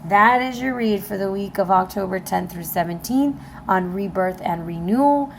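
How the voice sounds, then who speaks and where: A woman reading tarot speaks at a normal speed in a mid-range, gravelly voice, with slight background noise behind her. Encouraging and direct with her viewers, she repeatedly checks in with "okay?" during the casual reading as her voice wears out.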